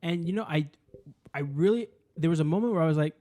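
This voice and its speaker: A man co-hosting a casual podcast, telling stories in a joking, profane, animated way. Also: a little high, fast. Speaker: podcast co-host.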